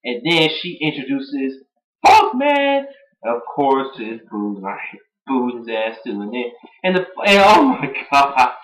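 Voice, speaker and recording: Young man, casual rambling recap, excitable, mimics quotes, roomy echo. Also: mid-range voice, unhurried. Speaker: wrestling show reviewer. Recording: echoey room.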